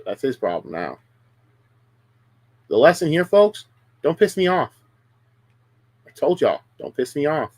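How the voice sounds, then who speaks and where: Male streamer, combative profane rant, pitch swinging up and down, dry close mic. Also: very animated, a little slow, long pauses, no echo. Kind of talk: heated casual stream talk.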